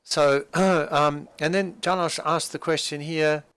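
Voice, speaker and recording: A man's voice: fairly high pitch, fairly even intonation, unhurried, few pauses, fairly bright tone, clear, resonant tone, no room sound. A man teaching a language class, explaining a dialogue patiently with frequent fillers and restarts.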